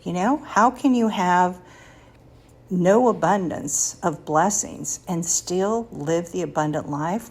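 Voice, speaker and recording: This podcast host's voice sits fairly low and is slightly rough, and she speaks at a slow pace. The woman, in her sixties, confides personal stories on her faith podcast and lets out light laughs between her thoughts.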